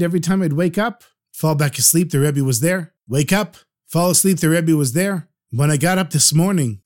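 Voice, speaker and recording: A man voicing a wealthy man who shouts shrill frantic cries, then calms and explains earnestly. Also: lightly acted.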